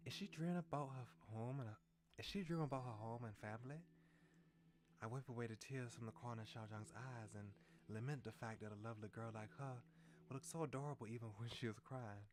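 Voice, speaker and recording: A man's voice: mid-range voice, quick pace. A man streaming a story game, reading its lines aloud and often restarting and correcting himself.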